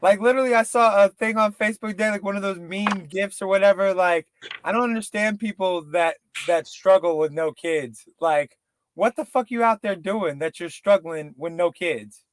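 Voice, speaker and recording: A young man with a notably high voice tells crude, profane stories in loose podcast banter. He acts out the people in his stories as he goes. The sound is dry and close, with no room around it. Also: normal speed, no echo. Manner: animated, profane, storytelling with acted-out quotes. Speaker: podcast co-host.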